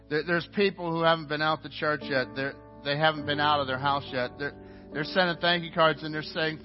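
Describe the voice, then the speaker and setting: A man preaching as pastor in a church sanctuary, earnest, often restarting and repeating words. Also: on the high side. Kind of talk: sermon. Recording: dull, muffled sound with faint music.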